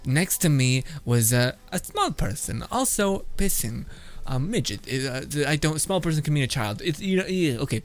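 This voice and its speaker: A man's voice: a little high, big pitch swings, normal speed. A man streaming his reactions to memes in a casual, blunt, swear-filled way, laughing often. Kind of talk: casual commentary.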